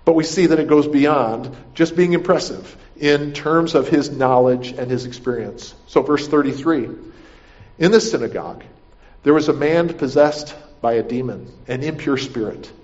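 A man's voice: medium pitch, moderate pace, darkish tone. Man preaching on a dull recording. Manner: conversational preaching, asks "right?", repeats and restarts. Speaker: pastor. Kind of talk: sermon.

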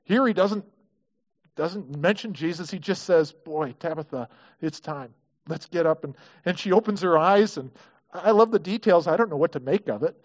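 A man's voice: sits high, expressive, moderate pace, dull audio. A man preaching a sermon in a conversational way, often acting out the people in the story and repeating words as he restarts. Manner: conversational, acts out quoted prayers, frequent restarts. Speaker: pastor.

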